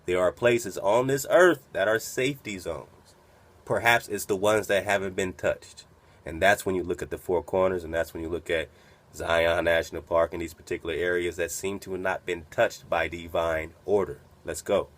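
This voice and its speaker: A man's voice: sits low, fairly even intonation, normal speed, fairly bright tone. A man hosting a radio talk, giving preachy, profane commentary over a played recording and peppering it with rhetorical questions. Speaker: radio host.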